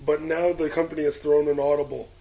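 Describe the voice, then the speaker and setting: A man's voice: fairly high pitch, little pitch movement, fast, creaky, dark tone, poor audio. A man co-hosting a casual wrestling podcast, cracking jokes and swearing casually. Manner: wisecracking, casual profanity. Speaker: podcast co-host.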